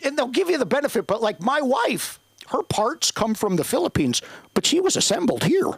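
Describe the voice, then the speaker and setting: Animated stand-up comic with lively pitch. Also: male voice, normal speed, vocal fry, slightly rough, no echo. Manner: animated, profane, self-deprecating. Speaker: stand-up comedian. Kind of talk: stand-up set. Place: comedy club stage.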